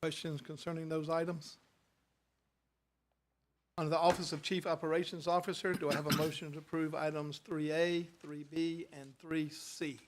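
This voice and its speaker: This is a man running a formal board meeting, moving quickly through motions and votes. His voice sits a little high. A faint hiss runs beneath the recording. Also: flat delivery. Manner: brisk and procedural. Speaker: board chair.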